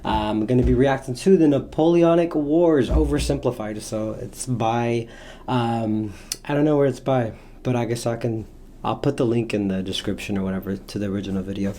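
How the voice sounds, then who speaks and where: A man's voice: mid-range voice, normal speed, warm tone, slight background noise. A man from the United States hosting a reaction video in a loose, rambling casual chat. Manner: loose, rambling, self-correcting.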